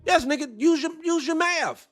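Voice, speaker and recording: A man hosting a show, reacting to a debate clip with animated, profane commentary and rhetorical questions. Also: extremely high pitch, normal speed, faint music behind. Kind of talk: heated commentary.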